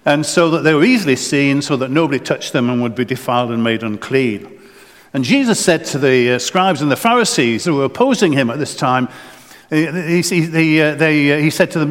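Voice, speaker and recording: A man preaching a sermon in a church, his voice carrying a long echo through the space. He speaks earnestly and in a somewhat high register, often restarting phrases and repeating words as he works his way forward. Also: fairly quick.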